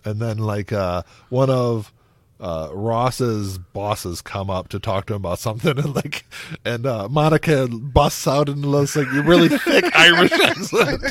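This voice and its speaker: A man co-hosting a podcast chats loosely, rambling and laughing frequently. He has a medium-pitched, fairly bright voice with lively intonation and speaks a little slowly. The sound is clean studio quality with no echo.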